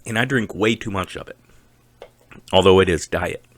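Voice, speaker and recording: A man with a Texas accent, giving a slow, deliberate and opinionated casual monologue to camera as a vlogger. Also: deep voice.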